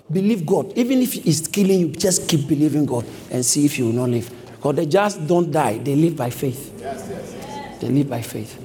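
A man preaching a sermon as pastor, repeating short urgent commands and building up to shouts. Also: a little high. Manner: repetitive exhortation, rising to shouts. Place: church. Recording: long hall reverb, faint background noise.

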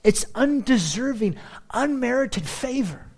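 A man with a high-pitched voice delivers a sermon. He slows right down to lean on key words, then rushes through quick, animated asides. He sounds middle-aged. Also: gravelly. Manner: animated, shifts between slow emphatic phrasing and quick asides. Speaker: pastor.

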